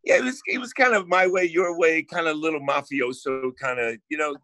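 A man with a New Jersey accent tells brash, salty stories in a bright, forceful voice pitched a little high. His voice sounds dry and close, with no room around it. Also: fairly quick, dry recording. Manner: brash storytelling, swears freely. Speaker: guest songwriter. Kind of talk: casual podcast chat.

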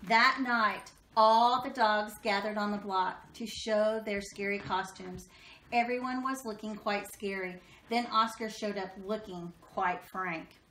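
A woman reading a children's picture book aloud, expressive and slowing down for dramatic moments. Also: mid-range voice, slight background noise. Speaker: storybook reader. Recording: echoey room.

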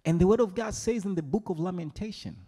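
A man preaching a sermon as pastor, animated and playful, often mimicking his congregation. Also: high voice, fast talker. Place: large church hall. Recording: long hall reverb.

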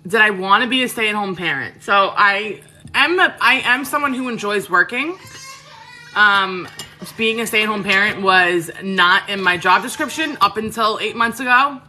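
This cooking livestream host, a woman in her 30s from Queens, New York, talks casually and frankly with her viewers from her home kitchen, using plenty of fillers. She speaks at normal speed in an animated mid-range voice with a bright, forceful tone.

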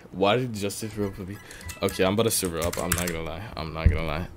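A young man around eighteen talks through a live game stream in a fairly low voice. His pitch leaps around wildly, dropping into mutters and then bursting out loud. Soft music plays faintly underneath. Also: moderate pace. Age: young adult, about 18. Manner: excitable, swings from low mumbling to loud outbursts.

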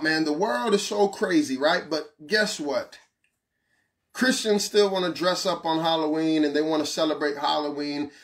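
A man preaching a passionate sermon, asking the listener questions and shouting some lines. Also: high-pitched. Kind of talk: fiery street-style sermon.

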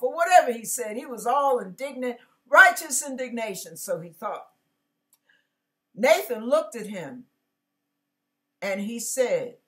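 A woman's voice: a little high, lively intonation, a little slow, sharp tone. A woman pastor giving a casual, conversational sermon, acting out biblical characters and dropping slangy asides.

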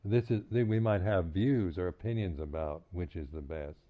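In a lo-fi recording with a tinny, telephone quality, a low-voiced man gives a reflective dharma talk as a meditation teacher on retreat. His speech is halting and full of restarts and repetitions, and he chuckles softly between points.

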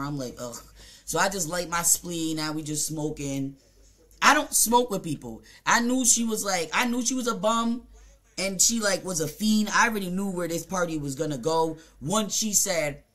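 A streamer from Jamaica with a Jamaican accent, telling a story in a casual, profane, rambling rant full of fillers and quick mimicked asides. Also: medium pitch, a bit bright. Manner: mimics other people in short quoted asides.

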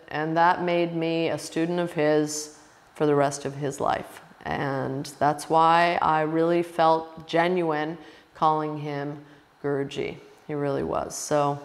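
Casting: expressive woman yoga teacher, personal storytelling, lowish voice, reverberant room. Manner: emotional, expressive, restarts often.

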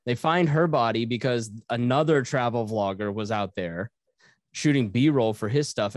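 A man's voice: lowish voice, dry recording. Reflective man on a dry close mic. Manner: reflective, laughs often, restarts. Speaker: podcast host. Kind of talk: casual chat.

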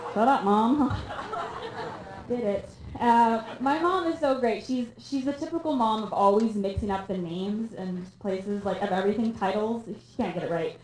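A young woman from Canada performing a stand-up comedy set on a theatre stage, deadpan and self-mocking with quick asides. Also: mid-range voice, a little hiss or hum. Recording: echoey room, live audience.

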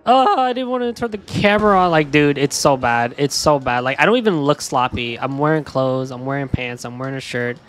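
Young male streamer, mid-pitched, upset and stressed, casual chat full of swearing and "dude", trailing off quietly at times. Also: animated, fairly quick, few pauses, faint music behind.

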